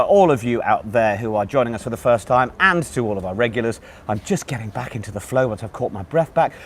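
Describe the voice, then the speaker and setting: A man hosting a live online pub quiz, chatting with viewers and reading out their messages while hoarse and still out of breath. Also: mid-range voice. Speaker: quiz host. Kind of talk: live-streamed quiz banter.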